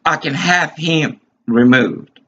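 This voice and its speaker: A man's voice: a little high, slow, sharp tone. A man in his fifties giving an agitated, rambling monologue, repeating himself as he vents. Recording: dull lo-fi recording.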